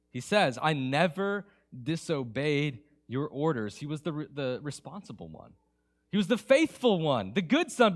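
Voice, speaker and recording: Animated, conversational male preacher. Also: high voice. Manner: conversational, animated, swings between hushed and emphatic. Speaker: pastor. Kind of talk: sermon. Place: church.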